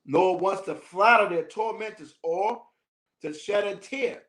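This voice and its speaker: A high-pitched man leads a teaching session, reading a passage aloud and cutting in with loose, slangy jokes. He laughs often between the lines. The room around him rings with a noticeable echo. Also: a little slow, fairly bright tone. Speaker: minister teaching a class. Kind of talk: reading a text aloud and commenting casually.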